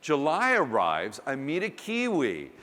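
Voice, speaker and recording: Animated man speaking in a reverberant hall. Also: on the high side, a little slow. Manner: animated, humorous storytelling with acted quotes. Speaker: conference speaker. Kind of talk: storytelling keynote talk. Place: conference hall.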